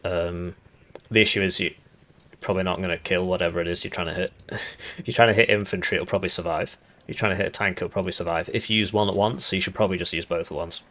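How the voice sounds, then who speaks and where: A man with a raspy voice giving casual commentary as he reviews a strategy game's update, thinking aloud with fillers and restarts. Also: low voice, fairly even intonation, fast talker, pushed and bright. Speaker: gaming YouTuber reviewing a devblog.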